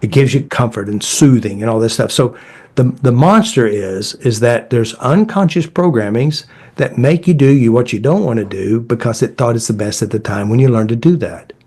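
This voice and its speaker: A middle-aged man talks in a loose, folksy storytelling way, blunt and full of fillers. His pitch sits in an ordinary middle range for a man, and he jumps into little acted voices when he quotes people. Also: moderate pace, slightly rough. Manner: animated, acts out quoted dialogue in shifting voices. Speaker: therapist and creator of a healing method. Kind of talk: casual storytelling in conversation.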